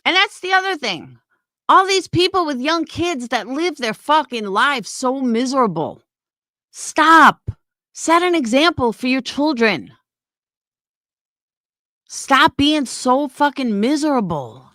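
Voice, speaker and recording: A woman's voice: sits high, expressive, slow pace, bright, forceful tone, no echo, clean studio sound. A middle-aged woman rants to camera as a YouTuber, blunt and heated and swearing often. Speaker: YouTuber and small business owner. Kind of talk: ranting to camera.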